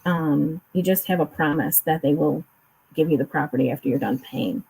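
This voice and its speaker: A woman's voice: low voice, normal speed, creaky, mellow, husky, low-quality recording. A woman chatting casually on a remote call, explaining finance at length with frequent restarts and fillers. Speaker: co-host discussing a court case.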